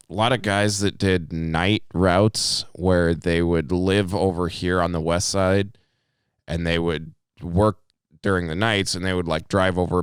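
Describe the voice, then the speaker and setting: Deep smooth-voiced man telling a rambling story. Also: no echo, studio quality. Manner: rambling storyteller, trailing fillers. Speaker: podcast co-host. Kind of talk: casual chat.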